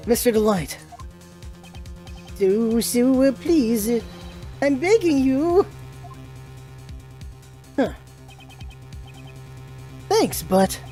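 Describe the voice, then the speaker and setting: A woman's voice: a little high, mellow. A woman voicing an earnest young male defense lawyer from a game, hesitant and full of doubts. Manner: anxious, hesitant inner doubts. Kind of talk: reading game dialogue aloud.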